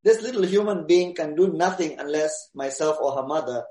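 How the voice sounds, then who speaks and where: A man's voice: a little high, brisk. Easygoing man in an echoey room. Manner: relaxed, hesitant with many fillers. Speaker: interview guest, DJ. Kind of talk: casual podcast interview.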